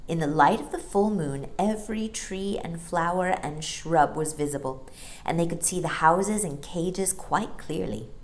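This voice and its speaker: A woman reading a children's storybook aloud as a storyteller, expressive and lilting. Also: on the low side, unhurried.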